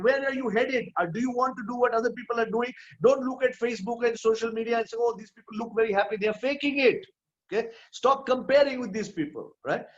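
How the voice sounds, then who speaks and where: With the highs cut off, the recording captures a motivational speaker's high voice at an online event. He presses his points hard, repeating his main phrases and tossing in "hmm?" to check on listeners.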